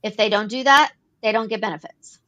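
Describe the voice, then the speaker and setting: A woman's voice: a little high, fairly quick, sharp tone, dull audio. A woman co-hosting an advocacy talk show, explaining policy earnestly and repeating phrases as she works through points. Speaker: podcast co-host. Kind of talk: advocacy discussion.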